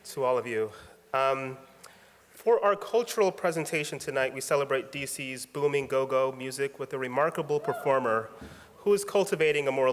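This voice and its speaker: A man's voice: medium pitch, a little hiss or hum. Male awards emcee, formal scripted intro, long hall reverb. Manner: reads formally from a prepared script. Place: large event hall.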